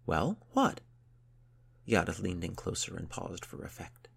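Deep gravelly male storyteller. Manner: steady, measured storytelling. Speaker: narrator. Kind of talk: scripted audiobook narration.

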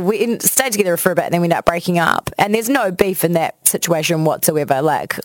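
A woman's voice: fast talker, hardly any pauses, dry recording. A woman, a radio host telling personal stories in casual chat, acting out quotes with big jumps in voice. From New Zealand. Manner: animated, acts out quotes with big pitch jumps. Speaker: radio host, podcast guest.

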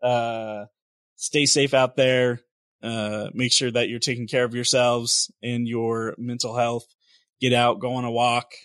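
Man, podcast host; loose, rambling, quick to laugh. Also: mid-range voice, flat delivery, a bit bright, smooth, dry recording, clean studio sound. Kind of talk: casual podcast banter.

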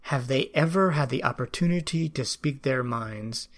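A man speaking in an earnest, reflective way, as if thinking aloud. He pauses, restarts and searches for words. His pitch sits in an ordinary middle range for a man. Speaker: teacher. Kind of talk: reflective personal talk.

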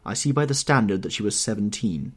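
A man voicing a worldly, cynical aristocratic English gentleman in an audiobook reading, with a husky tone and an urbane, offhand manner. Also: lowish voice, animated, fairly quick.

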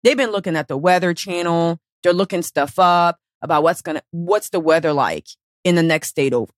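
A podcast host and weight-loss coach with a fairly low voice gives a motivational monologue a little fast, coaching bluntly and casually. She swears freely and makes her points through animated little stories, recorded close and dry with no room sound.

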